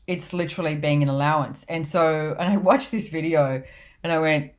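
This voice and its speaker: Low-voiced woman chatting. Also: expressive, normal speed, darkish tone. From Australia. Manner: chatty, laughs often, quotes others. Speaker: podcast host and author. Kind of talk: casual podcast chat.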